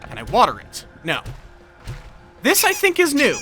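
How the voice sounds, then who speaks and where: A young man streaming a video game, chatting casually with his viewers, swearing now and then and reacting out loud. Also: extremely high pitch, moderate pace, long pauses. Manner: animated, chatty, swears, talks to chat. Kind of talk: casual gameplay commentary. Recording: faint game music behind.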